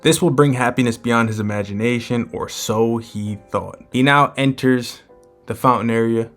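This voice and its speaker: A man narrates a comic chapter breakdown in a relaxed, conversational manner. His voice sits at a middling pitch, and faint music plays behind it. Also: normal speed. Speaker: manga chapter recap host.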